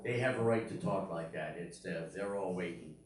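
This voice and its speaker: An older man from Pennsylvania doing a stand-up comedy set, telling stories and acting out the people in them with sudden jumps in pitch. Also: moderate pace. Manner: storytelling, acting out quoted voices with big pitch jumps. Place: live comedy room, audience laughing. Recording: echoey room heard from a distance.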